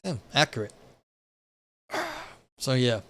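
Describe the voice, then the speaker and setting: Reading philosophy live from his desk by a window, a young man reacts with wry, profane asides laced with "like" and restarts. His medium-pitched voice is expressive and fairly bright, and he speaks slowly.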